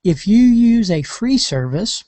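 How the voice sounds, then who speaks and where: A man's voice: high voice, sing-song, unhurried, dark tone, no room sound. A man presenting a webinar lesson, explaining things in a loose, conversational way with many hesitations.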